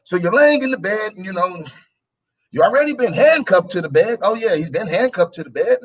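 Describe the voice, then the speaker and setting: A man's voice: high-pitched, expressive, brisk, husky, far from the mic, muffled recording. A man hosting a call-in talk show, giving impassioned, emphatic commentary and repeating his points.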